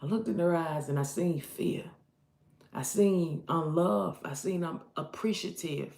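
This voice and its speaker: A woman's voice: sits low, a little slow, gravelly. Fiery woman preacher in an echoey room. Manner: emphatic, repeats lines, rises loud when exhorting. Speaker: online prophetic preacher. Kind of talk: impassioned street-style preaching.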